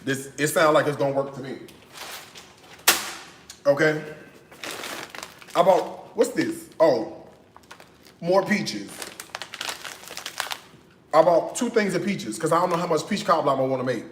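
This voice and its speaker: A man's voice: fairly high pitch, lively intonation, measured pace, long pauses. A man hosting a cooking channel, chatting playfully through his grocery haul and often checking in with "okay?". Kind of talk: casual grocery haul chat. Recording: echoey room with faint noise.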